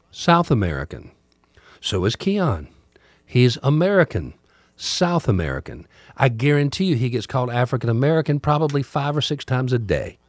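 A middle-aged man who works as a radio host and podcaster talks through a candid, reflective monologue on his podcast. His voice sits in the mid range, and his manner is conversational and musing. The recording is dry.

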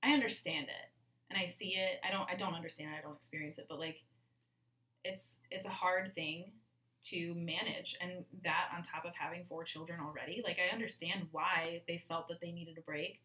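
A woman's voice: lowish voice, fairly even intonation, moderate pace, sharp tone, distant mic. A woman co-hosting a casual true-crime podcast, talking emphatically and swearing when she gets angry, recorded in a bathroom. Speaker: podcast co-host. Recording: echoey bathroom, off-mic.

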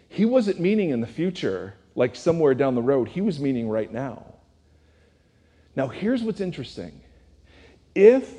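A man's voice: a little high, warm tone. A man preaching a conversational sermon as a pastor, talking casually and asking the audience rhetorical questions. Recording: long reverb of a large hall.

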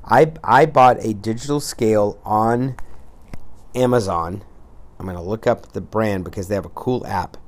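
A man with a somewhat low voice hosts a motivational weight-loss podcast. He speaks bluntly and with tough love, swearing casually as he pushes the listener. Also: moderate pace. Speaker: podcast host.

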